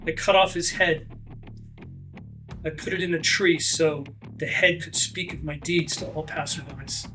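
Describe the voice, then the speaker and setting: A man voicing a fearless wild woman warrior who talks in a low, cool, unbothered way. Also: fairly even intonation, a little slow, sharp tone, faint music behind. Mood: cool menace. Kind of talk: tabletop game voicing.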